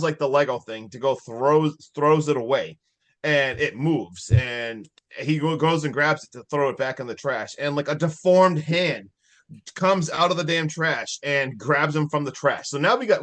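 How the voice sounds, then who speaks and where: A man co-hosting a podcast, excitedly retelling a horror movie plot in casual chat, full of fillers and swearing. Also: on the high side. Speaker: podcast co-host.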